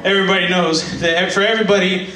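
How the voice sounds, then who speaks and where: A man's voice: high voice, fairly even intonation, fast, bright, forceful tone. A young man doing stand-up comedy in a church hall, rambling and self-deprecating, laughing at his own jokes and running out of breath. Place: church hall with live audience. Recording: echoey hall, mic heard from far off, audience noise.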